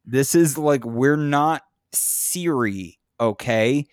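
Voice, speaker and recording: A man in casual chat who talks in a profane, animated way and gets louder and higher when he is worked up. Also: very slow, no room sound, clean studio sound. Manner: profane, animated, rises in pitch when impassioned.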